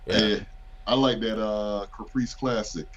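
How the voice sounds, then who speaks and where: A man's voice: lowish voice, fairly even intonation, a little slow, lo-fi sound. A man talking as a podcast guest, rambling in a loose, slangy way. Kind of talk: casual chat.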